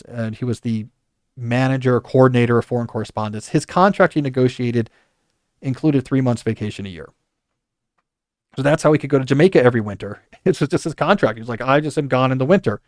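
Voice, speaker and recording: Man, podcast host, casual book talk, rambling asides, mid-pitched, dry sound. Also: brisk, darkish tone, dry recording. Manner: rambling, conversational, with frequent restarts and asides. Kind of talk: casual book review monologue.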